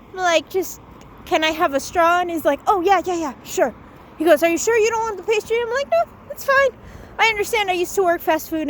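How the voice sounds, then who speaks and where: Young woman, high voice, casual rambling vlog chat, lots of "like", faint traffic noise behind. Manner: chatty, rambling, says "like" a lot, swears casually. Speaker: vlogger.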